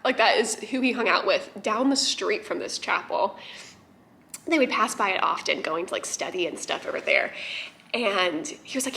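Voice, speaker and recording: A young woman telling a personal story to camera in an excitable, chatty vlog style, with lots of "like". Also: mid-range voice, normal speed, creaky, a little hiss or hum. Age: young adult. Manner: chatty, excitable, heavy use of "like". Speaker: vlogger.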